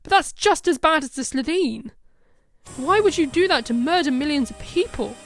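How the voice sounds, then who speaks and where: A bold female time traveller, read out by a woman, demanding and threatening in turns. Her voice sits a little high. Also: expressive, normal speed, faint music behind. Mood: defiant.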